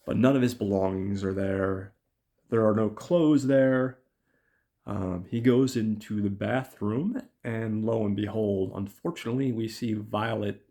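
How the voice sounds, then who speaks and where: A man's voice: medium pitch, darkish tone. A man hosting a podcast, casually recapping a film's plot in a chatty, profane way and calling his listeners guys. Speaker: podcast host.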